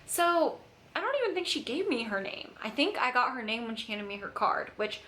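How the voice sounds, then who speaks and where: A woman's voice: a little high, very animated, quick pace, bright, forceful tone, slight background noise. A young woman telling a casual storytime to camera, chatty and full of "like". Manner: chatty, filler-heavy, lots of "like". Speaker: vlogger. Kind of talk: storytime vlog.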